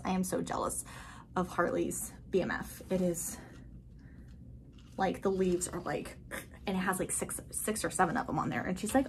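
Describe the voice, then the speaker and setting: A woman giving a casual, chatty tour of her houseplants, gushing and excited, full of filler words. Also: mid-range voice, normal speed, slight background noise. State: a bit out of breath. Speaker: plant vlogger. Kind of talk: casual plant tour vlog. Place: indoors at a grow tent.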